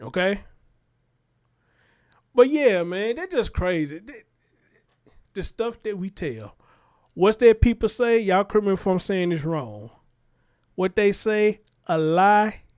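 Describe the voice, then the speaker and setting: Animated high-voiced man riffing to chat. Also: slow pace, pauses often, smooth. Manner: animated, talks straight to chat. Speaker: livestream show host. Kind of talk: casual livestream commentary.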